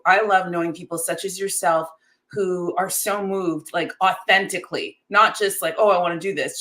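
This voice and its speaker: A woman with a somewhat low voice speaks over a video call. She pours out warm, effusive praise in a casual, heartfelt way. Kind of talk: casual livestream chat.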